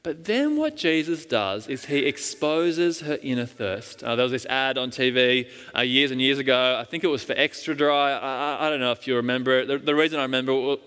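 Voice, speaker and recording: A man's voice: mid-range voice, a little fast, few pauses, fairly bright tone, clean tone. A male preacher retelling a story in a sermon, emphatic, with frequent restarts. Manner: storytelling, emphatic, with repeated starts. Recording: long hall reverb.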